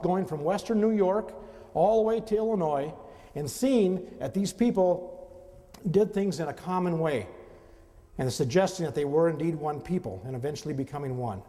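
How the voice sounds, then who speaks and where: A man's voice: sits high, normal speed, dark tone. A man giving a slide lecture to an audience in a conversational way, often turning to the listeners with questions. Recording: long reverb of a hall.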